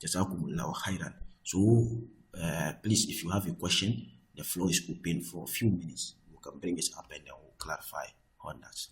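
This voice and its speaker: A man teaching an Arabic grammar lesson, talking patiently, repeating each point and slowing down to recite Arabic text. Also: deep voice. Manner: slows down for Arabic quotations. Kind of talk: recorded online lesson.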